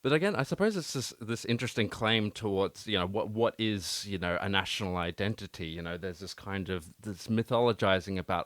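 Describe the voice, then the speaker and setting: A man's voice: low-pitched, a little fast, fairly bright tone, dry recording. A man co-hosting a casual philosophy podcast, asking thoughtful questions and reading poetry aloud. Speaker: podcast co-host.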